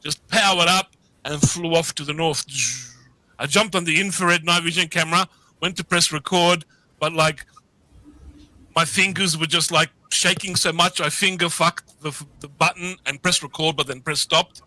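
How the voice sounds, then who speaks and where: A man's voice: on the high side, steady tone, normal speed, pushed and bright, rough recording. A middle-aged man telling a story as a guest over a video call, rambling, swearing freely and restarting his sentences. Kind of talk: casual storytelling.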